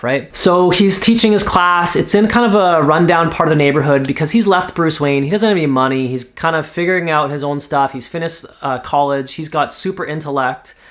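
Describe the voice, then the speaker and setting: A man from Canada casually pitching a TV series, talking in a rambling way with lots of fillers. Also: fairly bright tone. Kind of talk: casual spoken story pitch.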